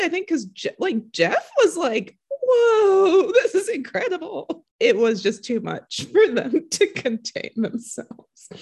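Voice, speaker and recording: High husky excitable woman. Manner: excitable, laughs often while talking. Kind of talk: casual group chat.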